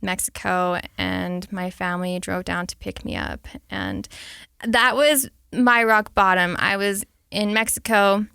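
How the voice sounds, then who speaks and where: A woman's voice: mid-range voice, expressive, unhurried, creaky, pushed and bright, smooth, dry recording, studio quality. A woman in her late twenties, a podcast guest, recounting her past frankly and reflectively. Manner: frank, reflective, reenacts her own thoughts. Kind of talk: candid personal storytelling.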